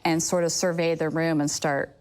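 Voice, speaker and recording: A woman with a fairly low voice chatting as a guest on a TV talk set. She speaks in a reflective, measured way. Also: little pitch movement, a little mellow. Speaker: guest author. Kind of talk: casual chat.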